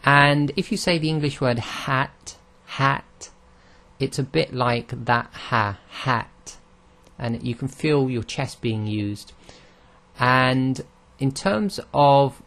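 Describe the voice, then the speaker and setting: A man's voice: medium pitch, slow, a bit bright. A man teaching Arabic pronunciation in a recorded lesson, explaining patiently step by step and sounding out each letter aloud.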